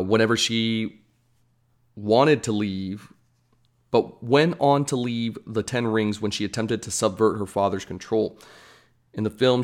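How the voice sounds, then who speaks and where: A man talks through upcoming movies in a loose, rambling vlog style. He drifts into joking asides as he goes. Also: lowish voice. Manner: chatty, rambling, self-deprecating asides. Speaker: movie news vlogger. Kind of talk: casual commentary.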